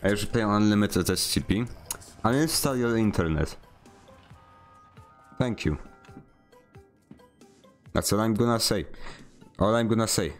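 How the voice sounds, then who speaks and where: A man's voice: on the low side, normal speed, long pauses, soft background music. Sarcastic young man barking game commands. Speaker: streamer. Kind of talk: casual gameplay streaming with voice commands.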